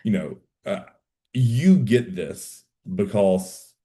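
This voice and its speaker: A man hosting a casual podcast chat as a coach, speaking in an easygoing, soft-spoken way that trails off. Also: lowish voice, big pitch swings, drawn-out words.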